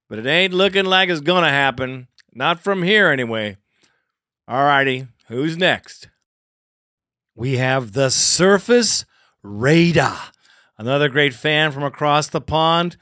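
A man's voice: a little high, animated, a little slow, sharp tone, no room sound, clean studio sound. A male host taking calls on a fan call-in show, loose and swearing.

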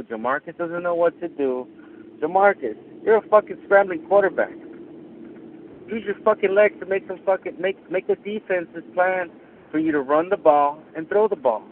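A male caller ranting angrily with heavy swearing about his team's offense. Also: fairly high pitch. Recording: tinny phone line with faint noise.

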